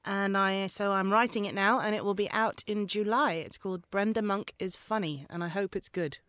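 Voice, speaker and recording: A woman's voice: mid-range voice, steady tone, normal speed, fairly bright tone, dry recording, clean studio sound. A woman from the United Kingdom, a comedian chatting on a quiz panel in a friendly, chatty way. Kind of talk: casual banter on a quiz panel.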